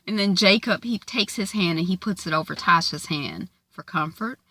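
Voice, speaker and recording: A woman giving a casual, animated recap of a TV episode, acting out the characters' lines with big jumps in pitch. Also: moderate pace. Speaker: TV recap host.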